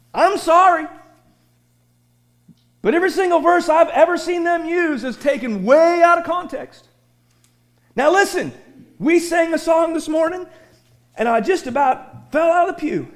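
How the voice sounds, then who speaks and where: High-voiced preacher man, excitable and loud. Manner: animated, often breaks into loud excited shouting; conversational, asks the congregation questions. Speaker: pastor. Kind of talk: sermon. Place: church sanctuary.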